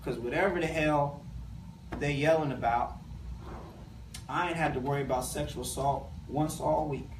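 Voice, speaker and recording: Recorded from a distance in an echoey room with background noise, this guest speaker, an education professor, addresses a live community audience directly. His fairly high voice moves at a moderate pace with frequent pauses, and his delivery is emphatic and colloquial.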